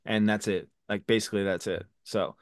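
Excited man retelling episode, dry sound. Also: lowish voice, fairly quick, no room sound. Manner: excited retelling, swears, acts out lines. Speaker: recap podcast co-host. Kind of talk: casual recap chat.

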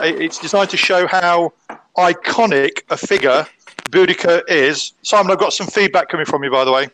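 A man's voice: fairly high pitch, a bit bright, a little hiss or hum, rough recording. A man, a historian, explaining history over a video call in an earnest, slightly hesitant way. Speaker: historian guest.

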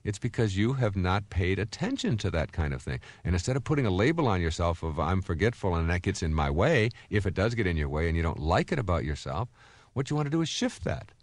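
A man in his fifties giving a recorded self-help lecture, telling stories in an animated way and acting out the voices he quotes. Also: low voice, fast talker, dry recording. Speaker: motivational speaker.

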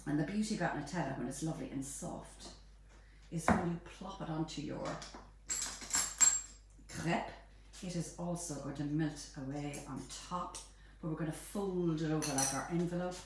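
A woman's voice: low-pitched, normal speed. A woman hosting a live home baking demonstration, chatting playfully as she cooks. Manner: chatty, playful, bubbly asides. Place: home kitchen. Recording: echoey kitchen, distant mic, faint noise.

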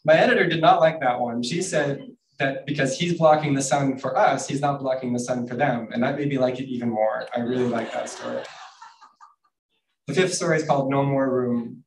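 A man, an author, reading his picture books aloud and chatting about them at a book event, in a dry, relaxed, low-key way. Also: brisk. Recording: roomy, distant mic, faint noise.

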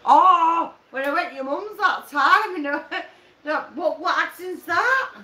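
High, giggly woman. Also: lively intonation, bright, forceful tone. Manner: giggly, teasing, quick storytelling. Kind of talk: casual banter among friends. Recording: echoey room.

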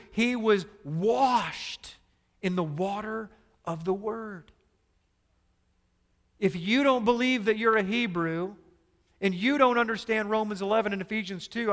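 A man preaches as pastor in a high, fairly bright voice that trails off into a long reverb. His sermon is emphatic and packed with rhetorical questions directed at the congregation.

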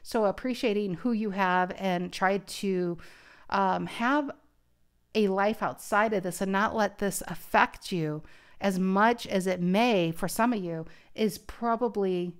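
A woman's voice: medium pitch, slow, clean tone. A woman giving a casual tarot reading to camera, speaking earnestly and thinking aloud with frequent restarts. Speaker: tarot card reader.

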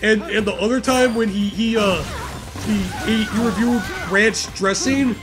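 A young man chatting casually over a video game, telling a rambling, halting story with crude jokes. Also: high voice. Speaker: gaming co-host. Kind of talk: casual chat over gameplay. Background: game music.

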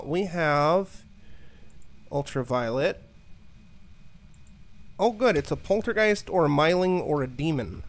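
A man's voice: a little high, expressive, takes it slowly, long pauses. A man streaming a ghost-hunting game, cursing freely and trash-talking the ghost while joking to himself and his chat. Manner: profane, trash-talks the ghost; jokey, talks to himself and chat. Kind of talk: live-stream gameplay commentary.

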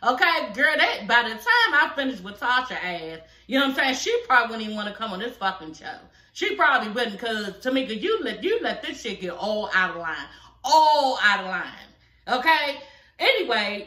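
A woman's voice: on the high side, pushed and bright, slight background noise. Sassy, profane woman ranting in an echoey room. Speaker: reality TV reviewer, channel host. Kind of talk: ranting reaction commentary. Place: home at night.

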